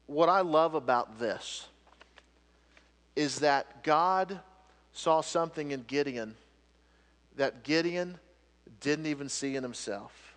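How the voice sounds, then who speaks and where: A man preaching a sermon as pastor, swinging between loud emphatic lines and hushed ones. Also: fairly high pitch, slow pace, pauses often. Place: church sanctuary. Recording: long reverb of a church hall.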